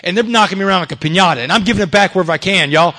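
Fast-talking Texan storyteller, high voice. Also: male voice, bright, forceful tone. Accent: Southern US (Texas). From Texas, USA. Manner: emphatic, peppers lines with "man" and "y'all". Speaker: speaker telling his life story. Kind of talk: animated storytelling to an audience.

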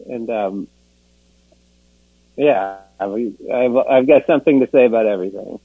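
A man's voice: mid-range voice, moderate pace, long pauses, breathy edge, no echo. A man sharing his recovery story in a rambling, self-deprecating way, often laughing at himself and filling gaps with "you know.". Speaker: speaker sharing at a recovery meeting. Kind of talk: personal recovery testimony. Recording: tinny phone-like dry sound.

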